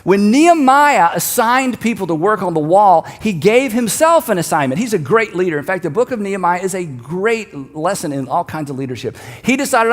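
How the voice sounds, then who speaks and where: A middle-aged pastor preaches a sermon in a fairly high, sing-song voice, fairly quick with few pauses, telling stories in a loose, conversational way. He grows emphatic on repeated key lines, and a large auditorium leaves a long reverb tail on his voice.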